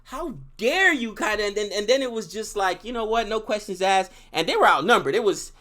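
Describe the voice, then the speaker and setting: A man co-hosting a casual review chat, animated and quick to laugh. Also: high voice. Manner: animated, excitable, laughs often. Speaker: co-host reviewing a series.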